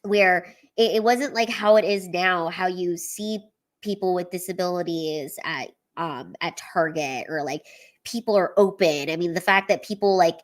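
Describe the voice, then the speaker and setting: A woman's voice: fairly low pitch, moderate pace. Woman in her thirties, comedian host, candid and teary, swears freely, livestream chat. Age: 30s.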